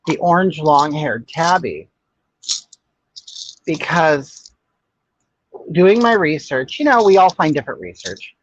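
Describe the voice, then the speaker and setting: A man's voice: a little high, sing-song, slow pace, pauses often. An older man hosting a casual livestream chat, talking in a sassy, blunt, gossipy way and answering viewers' comments. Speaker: livestream host. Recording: dull, muffled dry audio.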